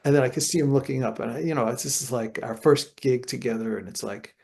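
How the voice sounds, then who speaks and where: An older man with a gravelly, fry-laced voice is a guest in an interview. He tells lively anecdotes and slips into other people's voices as he goes. His pitch sits in the middle for a man. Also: quick pace. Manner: animated anecdotes, acts out voices. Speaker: guest jazz guitarist. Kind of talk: storytelling interview.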